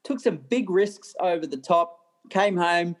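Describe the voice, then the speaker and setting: Animated Australian man telling stories. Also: high-pitched, measured pace. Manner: animated, laughs often, restarts sentences. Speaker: racing driver guest. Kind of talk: interview storytelling.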